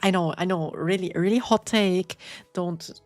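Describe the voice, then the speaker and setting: Playful streamer with a slight German accent. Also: female voice, on the low side, a little mellow, faint music behind. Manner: playful, rambling, answers chat with quick squeals and laughs. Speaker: VTuber streamer. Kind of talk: casual live-stream chat with viewers. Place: home apartment.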